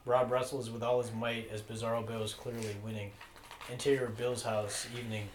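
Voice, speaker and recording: A man narrating the stage directions of a comedy script in a deadpan manner. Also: mid-range voice, brisk. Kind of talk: reading stage directions aloud. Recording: echoey room, faint noise.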